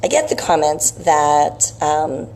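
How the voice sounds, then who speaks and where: Low husky woman telling a chatty story. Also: very animated, slow, darkish tone. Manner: chatty, digressive, lots of "right?" asides. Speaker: health and wellness vlogger. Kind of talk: casual storytelling monologue.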